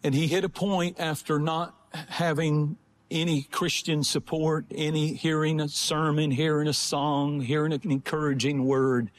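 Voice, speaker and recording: Male preacher with a high voice, fervent sermon delivery that alternates between impassioned peaks and slower, quieter narrative. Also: little pitch movement. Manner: rising to impassioned shouting, then slowing to low storytelling.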